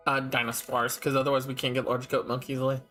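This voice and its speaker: A man's voice: mid-range voice, fast, faint music behind. A man streaming a farming game with a friend, talking casually with frequent laughs and restarts. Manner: relaxed, laughs often, trailing restarts. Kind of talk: casual co-op gameplay chat.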